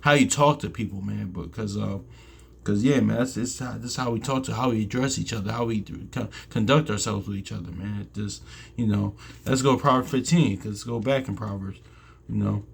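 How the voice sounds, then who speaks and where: A man giving a casual scripture teaching, reading verses aloud in a halting way, often restarting and ending phrases with "man". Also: on the low side, gravelly, slightly rough.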